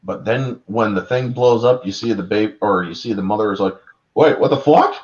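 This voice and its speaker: A man in his thirties recounting a monster movie in casual chat, excitable and profane, acting out characters in voices. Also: on the low side, fairly quick. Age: 30s. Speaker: podcast panelist. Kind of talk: casual film discussion. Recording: dull lo-fi audio.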